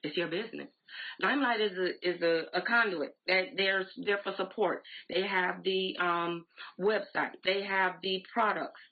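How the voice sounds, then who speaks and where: Brief: emphatic, conversational woman, 40s, on a tinny live stream, a bit husky. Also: fairly low pitch, a little slow. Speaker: direct sales team leader. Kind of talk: motivational live-stream talk. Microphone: phone or laptop live stream. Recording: tinny phone-like audio.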